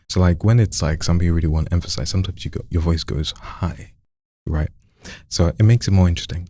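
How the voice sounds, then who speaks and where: A man coaching a friend in voice acting, demonstrating lines with lively swoops of pitch. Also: quick pace. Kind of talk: casual coaching session.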